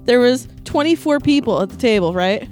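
A woman's voice: on the high side, lively intonation, fairly quick, darkish tone, soft background music. A woman co-hosting a casual show, chatting and adding details to family stories. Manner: adds details, laughs along. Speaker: co-host. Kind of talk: casual chat.

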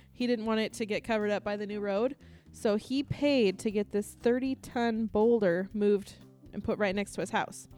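A woman's voice: mid-range voice, a little mellow. A woman presenting a quirky news segment in a casual talk show, chatty and full of fillers and laughs. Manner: chatty, laughing, reads from printed notes with fillers. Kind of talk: casual comedic news reading.

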